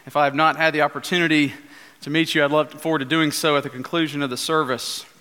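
A male pastor giving an earnest sermon in a church, at times slowing into a hushed prayer. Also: a little high, flat delivery, clear, resonant tone. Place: church sanctuary. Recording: church hall reverb.

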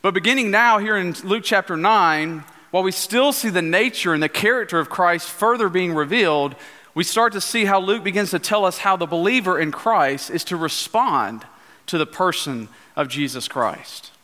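A male pastor giving an earnest sermon in a church, at times slowing into a hushed prayer. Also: sits high, lively intonation. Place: church sanctuary. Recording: church hall reverb.

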